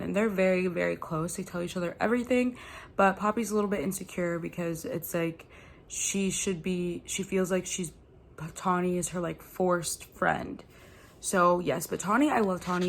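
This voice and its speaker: A young adult woman chatting in a casual reading vlog, gushing and excitable as she reacts to a book. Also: mid-range voice, moderate pace, creaky. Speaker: book vlogger.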